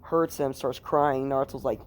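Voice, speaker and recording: A man's voice: medium pitch, fairly even intonation, moderate pace, smooth. A man casually retelling a fan story at home, rambling and swearing, with lots of fillers. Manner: rambling, profane, heavy with fillers. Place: room at home.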